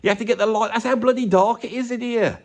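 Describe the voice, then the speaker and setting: A man's voice: very high voice, fairly even intonation, fast talker. A man ranting sarcastically in a rambling vlog, filmed in a room with bare brick walls. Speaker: YouTuber and drummer.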